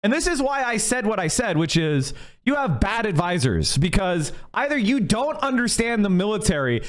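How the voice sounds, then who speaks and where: A man's voice: sits high, sing-song, moderate pace. A man streaming a heated political rant, angry and profane, fired up as he goes. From United States.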